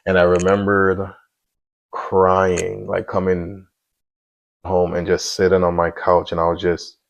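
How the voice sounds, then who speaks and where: Deep, gravelly guy in his 30s, talking earnest and confessional, lots of "you know". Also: monotone, slow, lo-fi sound. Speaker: vlogger sharing a personal faith testimony. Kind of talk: candid personal testimony.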